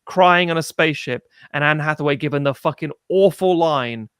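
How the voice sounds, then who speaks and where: A man in casual film chat, animated, swearing freely and mimicking people as he tells a story. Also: fairly high pitch, normal speed, clean tone, dry recording, studio quality. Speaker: podcast co-host.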